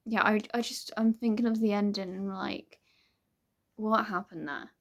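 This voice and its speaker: A woman's voice: mid-range voice, steady tone, moderate pace. A young woman vlogger chatting casually to camera, rambling and hesitant with many restarts.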